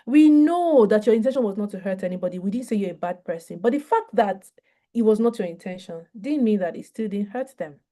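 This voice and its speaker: A woman giving a mental health training session on a video call, talking in a lively, conversational way and acting out short dialogues. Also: medium pitch, fairly quick. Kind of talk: online training talk.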